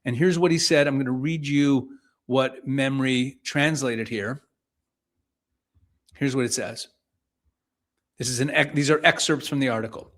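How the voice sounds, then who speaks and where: A man's voice: mid-range voice, steady tone, measured pace, pauses often, fairly bright tone. A man giving political commentary to camera, explaining news and reading excerpts aloud, with frequent restarts.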